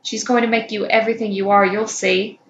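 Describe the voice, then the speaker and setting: A woman reading as a quiet, devoted male creature. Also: mid-range voice, flat delivery, fairly quick, natural voice. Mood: reproachful. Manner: quiet, pleading. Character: young male captive creature, devoted to his owner. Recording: echoey room with faint noise.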